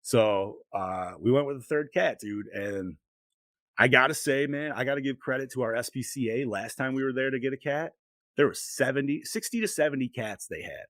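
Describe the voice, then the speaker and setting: A middle-aged man co-hosting a podcast rambles through long stories laced with swearing in easygoing chat. His mid-range voice is a bit bright and moves at normal speed, with no room sound.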